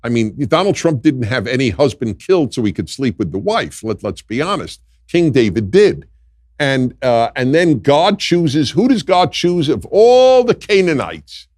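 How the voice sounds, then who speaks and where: A man's voice: medium pitch, sing-song, measured pace, a little mellow, dry recording, clean studio sound. An older man, a guest in a political discussion, speaking emphatically and repeating his points for weight. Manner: emphatic, repetitive.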